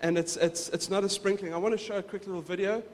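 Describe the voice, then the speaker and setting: A man's voice: sits high, fairly even intonation, fast, a little mellow. A male pastor preaching in a casual, conversational way, often repeating words as he goes. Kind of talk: casual sermon. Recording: reverberant hall.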